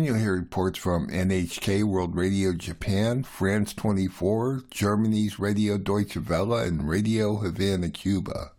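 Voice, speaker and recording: A man hosting and producing a radio news review, reading a script in a measured, deliberate way. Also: low-pitched, a little mellow. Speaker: radio show host and producer.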